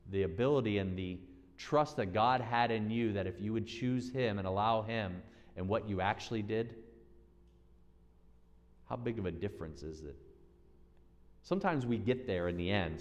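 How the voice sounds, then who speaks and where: A man preaching a sermon as pastor, animated, acting out quoted voices with big swings in pitch and loudness. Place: church sanctuary. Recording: long church-hall reverb.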